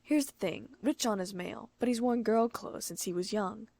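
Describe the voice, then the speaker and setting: A woman's voice: mid-range voice, moderate pace, vocal fry, darkish tone. A woman voicing a playful adult man with a sly, teasing manner.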